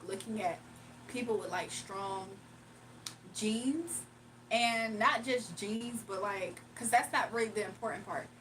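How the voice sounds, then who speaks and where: A woman's voice: a little high, fairly bright tone, slight background noise, low-quality recording. A woman hosting a casual livestream, chatty and giggly as she reads comments aloud. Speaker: livestream host reading chat.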